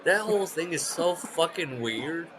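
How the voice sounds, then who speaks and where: Over crowd noise on a low-quality recording, a man with a fairly high voice talks unhurriedly as a podcast co-host. The casual chat is about wrestling, and he tells animated stories full of swearing, acting out what others said.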